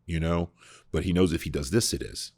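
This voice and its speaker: Man, very deep voice, husky, dry close sound, casual animated Bible talk, repeats words. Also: brisk, dry recording. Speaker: podcast host discussing scripture. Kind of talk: casual conversational Bible teaching.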